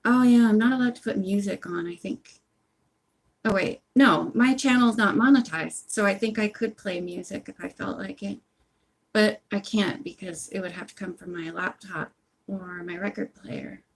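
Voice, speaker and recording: At home on a phone livestream, an audiobook channel host chats casually while knitting, rambling with plenty of asides. Her voice is medium-pitched and moderately paced.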